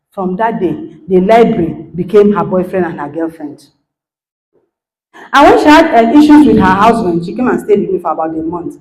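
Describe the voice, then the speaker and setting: Nigerian woman, middle-aged, lively swooping delivery, motivational speaker, roomy hall sound. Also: on the low side, normal speed. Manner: animated, acts out quoted dialogue, checks in with listeners. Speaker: guest speaker, lecturer. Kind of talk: motivational talk to an audience.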